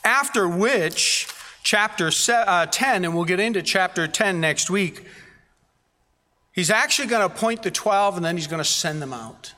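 Speaking at normal speed, the pastor sounds animated, his bright, forceful voice sitting slightly high. He preaches with earnest repetition of phrases for emphasis while the sanctuary's long reverb rings out.

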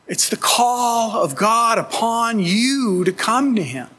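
A man's voice: very high-pitched, expressive, slow pace, pushed and bright, slightly rough. A man preaching a sermon as pastor, earnest and emphatic, pleading with his listeners. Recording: long hall reverb.

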